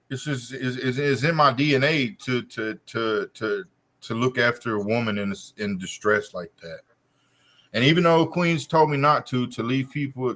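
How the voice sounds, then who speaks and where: A man's voice: mid-range voice, sharp tone. A man telling a long profane story on a casual podcast, with a loose, drawling delivery. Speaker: co-host.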